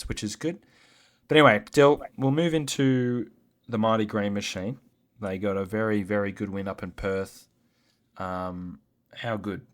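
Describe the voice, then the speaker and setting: A man co-hosting a casual sports podcast, fired up and swearing as he rants, swinging between loud and quiet. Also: fairly low pitch. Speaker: podcast co-host.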